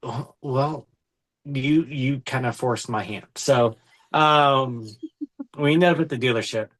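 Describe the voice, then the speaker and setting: A man's voice: mid-range voice, slow pace, fairly bright tone. A young man, a podcast guest, chats casually and rambles, with lots of ums and false starts. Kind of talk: casual chat.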